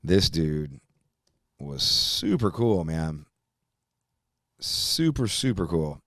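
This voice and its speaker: Low-voiced profane podcast host man. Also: very slow, no room sound, studio quality. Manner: profane, rambling, animated storytelling. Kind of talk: casual chat.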